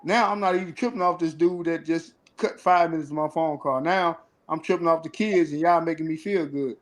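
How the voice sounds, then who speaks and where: In a fairly high voice and at a slightly fast pace, a former prisoner on a panel openly explains how those prison phone calls felt, acting out what was said. The recording is low quality.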